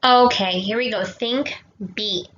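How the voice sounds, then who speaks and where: A young woman teaching a grammar lesson to kids, talking slowly and patiently, checking in with "okay?" and mixing in Spanish words. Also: medium pitch, a bit bright, a little hiss or hum. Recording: echoey dull room sound.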